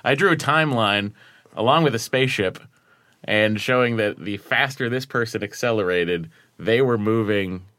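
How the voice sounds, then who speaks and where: A man's voice: fairly low pitch, normal speed, fairly bright tone, no echo, studio quality. A man co-hosting a casual comedic chat, telling stories in an eager, chatty way. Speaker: podcast co-host.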